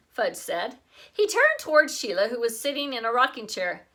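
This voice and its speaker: Woman teacher reading a kids' chapter book aloud, high, lively and unhurried, bright tone. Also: gravelly. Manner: expressive and lively.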